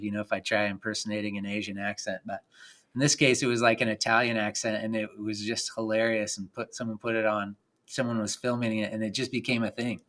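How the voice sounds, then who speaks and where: A man talking as a podcast guest in casual chat, rambling and animated, with lots of "like" and frequent laughs. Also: on the low side. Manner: animated, rambling, says "like" a lot, laughs often.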